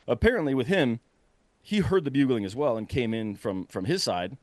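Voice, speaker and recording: A young man casually telling a long story, animated and breathless, full of fillers and quick laughs. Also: medium pitch, dry recording. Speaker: podcast guest telling a hunting story.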